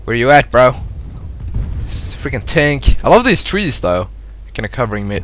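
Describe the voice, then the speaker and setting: Excitable young man yelping over gameplay. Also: moderate pace, pauses often. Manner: excitable, swears a lot, laughs at himself, swings from loud yelps to low mutters. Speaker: gameplay commentator. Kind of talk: live gameplay commentary.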